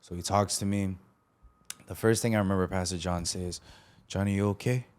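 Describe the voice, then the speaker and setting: Slangy storytelling man, lowish voice. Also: normal speed. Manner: animated, acts out the quoted lines of others; casual, slangy, many fillers. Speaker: podcast host. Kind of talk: personal storytelling on a podcast.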